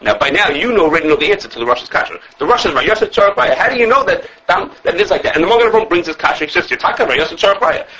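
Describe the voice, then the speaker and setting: Animated fast-talking man teaching. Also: a little high, breathy edge, lo-fi sound. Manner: animated, fast, many restarts, quotes sources in voices. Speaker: Torah teacher. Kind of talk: informal halachic class.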